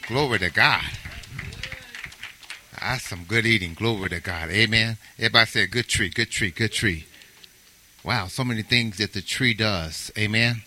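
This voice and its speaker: A man's voice: fairly low pitch, moderate pace, long pauses, sharp tone. A male pastor following a sermon, rousing the congregation into call-and-response.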